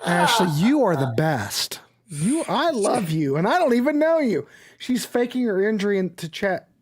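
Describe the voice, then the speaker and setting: A man hosting a casual livestream chat over a video call, excitable and teasing, swearing freely as he jokes with his guests. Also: high-pitched, normal speed, slightly rough. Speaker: show host.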